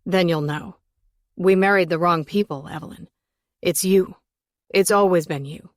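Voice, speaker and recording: A woman's voice: lowish voice, measured pace, no echo, studio quality, lightly acted. A woman reading an audiobook, voicing an obsessive man whose desperate pleading turns threatening. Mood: insistent. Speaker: audiobook narrator voicing a character.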